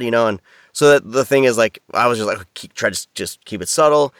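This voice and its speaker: A man's voice: medium pitch, brisk, fairly bright tone, smooth, no room sound, studio quality. A man talking casually as a podcast guest, rambling with many restarts and fillers over a video call. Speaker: audiobook narrator, podcast guest.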